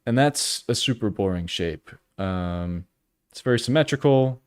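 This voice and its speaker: A man in his early thirties with a somewhat low voice muses half to himself as he sketches, stopping and restarting his thoughts. He drops wry jokes at his own expense. The sound is close and dry, with no room around it. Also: lively intonation, darkish tone, clean tone, no room sound. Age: 30s. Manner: halting, self-questioning, trailing off often; wry self-deprecating humor. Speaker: artist streaming live. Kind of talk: casual think-aloud commentary while drawing.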